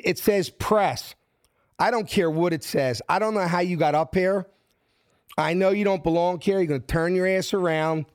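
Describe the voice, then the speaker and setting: Older philly guy spinning a yarn, acts out all the lines, kinda high voice, dry sound. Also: dry recording. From South Philadelphia. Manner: animated, acts out quoted dialogue in voices. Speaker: guest. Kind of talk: casual storytelling.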